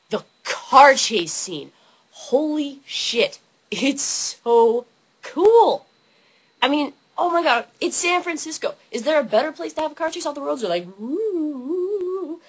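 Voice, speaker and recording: A young woman excitedly ranting about a favorite movie, yelling and acting out scenes in funny voices. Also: high voice, unhurried, long pauses, low-quality recording. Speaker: vlogger.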